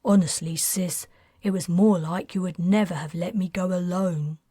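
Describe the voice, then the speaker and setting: Woman doing an earnest teen boy, a bit lower, breathy, explains himself at length. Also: fairly even intonation, moderate pace, warm tone, dry recording, clean studio sound. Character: bold teenage boy, earnest and clever. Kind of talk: audiobook character voice.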